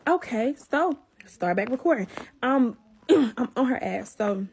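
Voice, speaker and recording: A young woman telling a personal story in a casual vlog, animated and profane, talking straight to her viewers. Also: a little high, measured pace, slightly rough.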